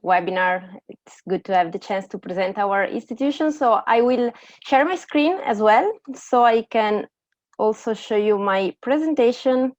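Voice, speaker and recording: A woman presents her academy over a video call in a steady, informative way. Her voice is mid-pitched, and the call audio is dry and muffled. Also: normal speed, no echo. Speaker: admission coordinator. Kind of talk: webinar presentation.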